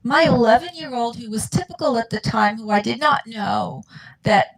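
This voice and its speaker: On the show as a guest, a mother of a dyslexic child shares her family's story with earnest, heartfelt emotion, acting out what people said. Her voice is on the high side and moves at a normal speed, though the audio quality is poor.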